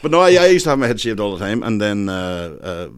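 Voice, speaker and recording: Fast-talking low-voiced man. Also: sing-song, clean tone. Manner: quick, wry interjections. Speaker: podcast host. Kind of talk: casual chat.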